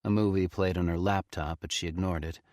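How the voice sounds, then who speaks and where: A man reading a horror story aloud with expressive, tense storytelling. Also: low-pitched, a little fast, dry recording, clean studio sound. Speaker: audiobook narrator. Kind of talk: scripted horror narration.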